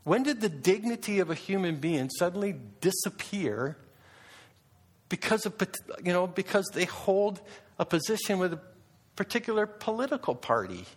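A man giving a public talk to an audience, animated, full of rhetorical questions and restarts. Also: high voice, moderate pace, breathy edge. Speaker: speaker addressing an audience.

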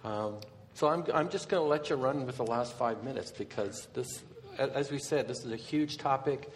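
Gravelly man hosting, halting. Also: mid-range voice. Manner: halting, repeats words. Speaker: seminar host. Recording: reverberant hall with faint noise.

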